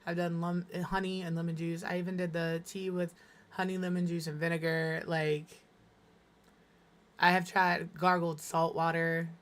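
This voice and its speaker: A woman streaming a game, hoarse with her voice fading, chatting tiredly and muttering to herself as she builds. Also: lowish voice, level tone, normal speed. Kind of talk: casual gameplay streaming chat.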